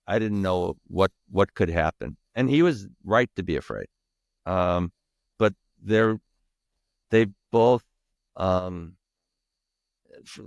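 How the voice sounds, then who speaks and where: Deep-voiced man telling a raw story. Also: smooth, no room sound, studio quality. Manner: emphatic and raw, swearing, restarting sentences. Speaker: podcast guest. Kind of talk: candid personal storytelling in interview.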